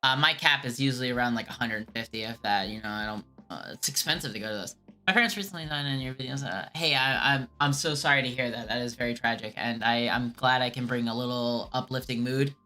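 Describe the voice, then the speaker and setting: A woman's voice: very deep voice, quick pace, pushed and bright, faint music behind. A woman streamer casually rambling through chat questions in a laid-back way, a voice she calls whiny. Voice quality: calls her own voice whiny.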